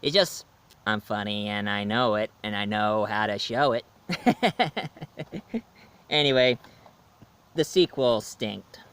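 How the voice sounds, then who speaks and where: A man's voice: on the low side, slow pace, long pauses, a bit bright, a little hiss or hum. Rambling American man reviewing casually. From United States. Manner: rambling and chatty, laughs at his own jokes.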